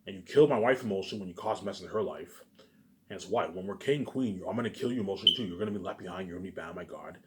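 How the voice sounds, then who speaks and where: A man's voice: deep voice, racing, very noisy. A man giving a rambling, repetitive monologue to camera that turns into a heated rant, with frequent swearing. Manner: swears often, keeps saying "obviously". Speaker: vlogger.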